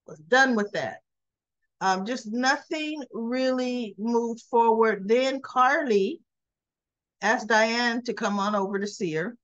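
A woman's voice: slow, no room sound. Chatty woman in her sixties recapping. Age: 60s. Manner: chatty, acting out the characters' lines with lively pitch jumps. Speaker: soap opera recap vlogger. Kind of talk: casual episode recap. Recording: slightly dull, lo-fi audio.

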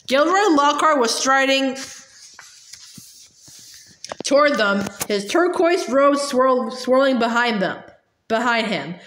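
High-voiced woman reading a novel aloud. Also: animated, measured pace, fairly bright tone. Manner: unpolished reading with slips and restarts. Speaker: reader. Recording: roomy echo.

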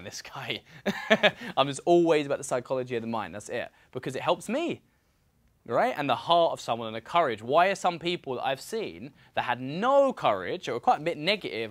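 A man mentoring a group at a seminar, talking in an animated way with lots of "right?" and "you know". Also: medium pitch. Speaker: real estate mentor.

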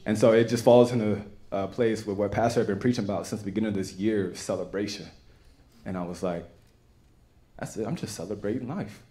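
A young man with a Texan accent giving an earnest, halting personal testimony to a church congregation. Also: fairly low pitch, mellow. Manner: earnest, halting, with many restarts. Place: church sanctuary.

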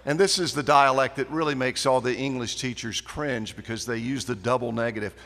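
A man's voice: mid-range voice, fairly quick. A man giving a folksy, anecdotal after-dinner speech as a guest speaker at a banquet. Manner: folksy storyteller, lively and animated. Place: banquet hall. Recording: echoey banquet hall.

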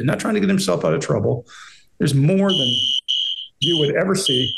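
A man on a discussion panel, talking casually and mimicking a flat, monotone delivery as he moves briskly along. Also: on the high side, vocal fry, a little hiss or hum. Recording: echoey room.

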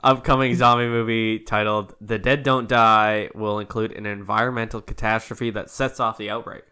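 A man's voice: on the low side, little pitch movement, moderate pace, sharp tone, clean tone. A young man co-hosting a podcast in casual chat, rambling and laughing often. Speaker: podcast co-host.

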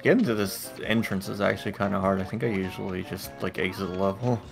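A man's voice: deep voice, fast, gravelly, music in the background. A man co-commentating a game stream with dry, laid-back remarks. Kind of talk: casual gaming commentary.

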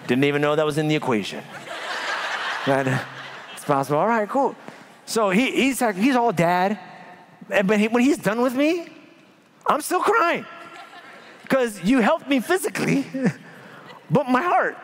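A man preaching a sermon as pastor, telling stories with big swings from loud to hushed. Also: very high-pitched, expressive, normal speed, long pauses, slight background noise. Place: church.

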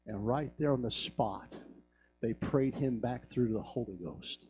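A man's voice: medium pitch, measured pace, dark tone, soft background music. A man preaching a sermon in a church, telling stories and building to fervent calls. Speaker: pastor. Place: church sanctuary.

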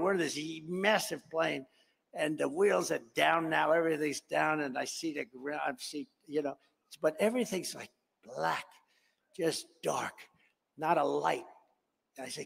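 An older man tells a long, digressive story to a conference crowd, bragging and acting out both sides of the conversations. His voice sits a little high and has a gravelly fry. The sound rings with the long reverb of a big hall. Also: moderate pace. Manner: conversational, boastful, acts out dialogue, digressive. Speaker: speaker at a political conference. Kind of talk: rambling storytelling speech to a crowd. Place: large hall.

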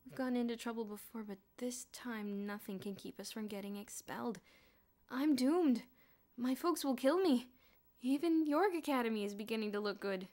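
A woman's voice: fairly high pitch, normal speed, a little mellow, lightly acted. A woman voicing a jumpy, gloomy schoolboy in an audiobook, panicky and complaining. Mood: miserable. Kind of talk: audiobook character voice.

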